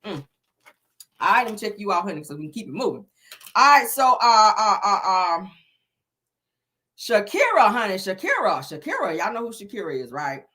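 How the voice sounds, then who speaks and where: A woman's voice: mid-range voice, sing-song, normal speed, pauses often, sharp tone. A woman hosting celebrity gossip in a sassy, chatty way, calling her viewers honey and baby. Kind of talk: casual gossip commentary.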